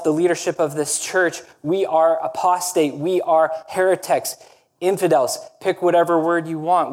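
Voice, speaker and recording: A male pastor preaching a sermon in an earnest, emphatic way, often tagging points with a rhetorical question. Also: fairly high pitch.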